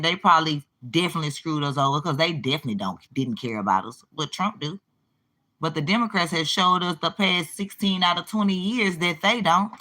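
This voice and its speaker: Rich: A woman in her forties chats straight to her viewers in a casual commentary vlog. Her voice is bright and forceful, and she lands each point with emphasis, often laughing between them. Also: sits low. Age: 40s. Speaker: channel host.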